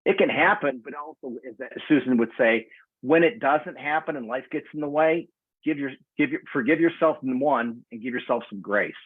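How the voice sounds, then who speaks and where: Man, 60s, casual guest on a video call; husky voice, lively storytelling, lo-fi phone-like sound. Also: mid-range voice, normal speed, no room sound. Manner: animated storyteller, acts out quoted voices. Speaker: guest community member.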